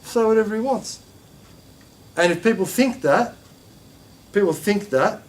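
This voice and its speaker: A man teaching a religious class, talking in an animated way with many rhetorical questions and emphatic repetition. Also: sits high. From Australia.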